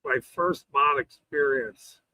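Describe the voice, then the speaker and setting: A man's voice: mid-range voice, slow, sharp tone, no echo, low-quality recording. A man hosting a casual livestream, swearing and greeting viewers in chat between bursts of laughter. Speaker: livestream host.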